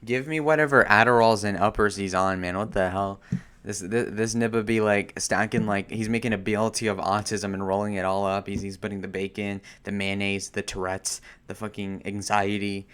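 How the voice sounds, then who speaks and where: Brief: deep, smooth-toned man, blunt profane reaction host, rambling delivery. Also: steady tone, moderate pace, a bit bright. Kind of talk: casual reaction commentary.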